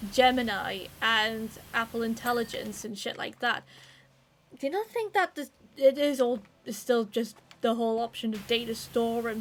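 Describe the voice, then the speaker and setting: A woman's voice: on the high side, fairly bright tone, a little hiss or hum. A woman livestreamer chatting casually, rambling and swearing, with lots of fillers. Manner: rambling and profane, with many fillers. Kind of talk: casual stream chat.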